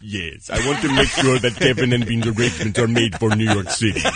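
A man's voice: mid-range voice, a little fast, fairly bright tone, husky, voice pushed down. A man putting on a stiff, overly formal business voice for an office producer on the phone. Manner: clipped, overly formal, solemn.

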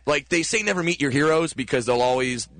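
A man, a comedian guest in a radio studio, telling stories excitedly in casual chat and laughing often. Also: on the high side, fast, no echo.

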